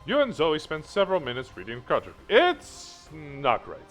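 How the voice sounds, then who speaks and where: Man game master, lively up-and-down voice, slightly high, playful teasing narration. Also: normal speed, faint music behind. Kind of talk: narrating a tabletop game on a live stream.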